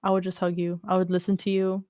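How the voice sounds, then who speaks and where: A woman's voice: lowish voice, monotone, quick pace, darkish tone, no echo, studio quality. A woman co-hosting a casual podcast chat, talking freely with lots of "like" and "you know". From Miami area. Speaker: podcast co-host.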